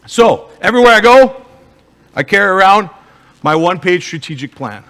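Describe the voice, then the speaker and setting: A motivational speaker and life coach with an Upper Midwest American accent gives an emphatic live talk from a stage in a large hall. His voice sits high and sharp, with lively intonation at a normal speed, and he throws rhetorical questions to the crowd.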